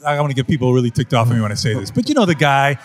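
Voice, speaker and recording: A man's voice: mid-range voice, sing-song, very fast. A man being interviewed about wildlife photography, telling stories emphatically and acting out other people's voices. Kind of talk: animated interview storytelling.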